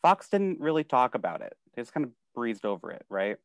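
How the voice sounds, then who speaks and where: A man's voice: mid-range voice, brisk, no room sound, clean studio sound. A man co-hosting a podcast, ranting casually with lots of "like". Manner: animated, frustrated ranting with frequent "like". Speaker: podcast co-host. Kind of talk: casual chat.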